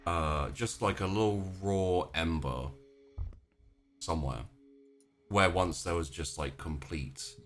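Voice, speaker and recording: Deep, bright-toned game master. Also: male voice, takes it slowly, long pauses, slight background noise. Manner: rambling, searching for words. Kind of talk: narrating a tabletop game.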